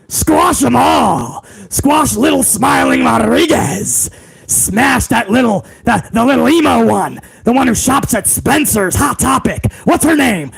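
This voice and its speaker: A man doing a mocking impression of a blustering old male company boss who shouts orders. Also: very high-pitched, heavily acted. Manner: shouting, raspy, gleeful bellowing.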